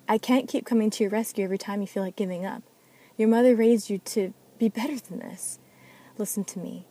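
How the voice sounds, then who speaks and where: Stern, protective elven woman voiced by a woman; low, warm, commanding.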